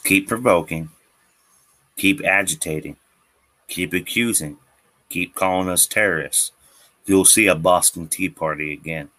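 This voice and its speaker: A man ranting about politics at a slow, heavy pace, repeating words for emphasis and swearing freely. His voice sits a little low but rings bright and forceful. He speaks as the host of his own show. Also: poor audio. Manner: profane, emphatic, repetitive. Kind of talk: angry political rant.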